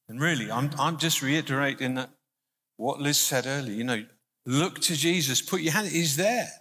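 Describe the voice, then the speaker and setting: A man's voice: fairly high pitch, normal speed, pushed and bright. A male minister giving an informal, conversational sermon, often restarting his sentences. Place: church hall. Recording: hall reverb.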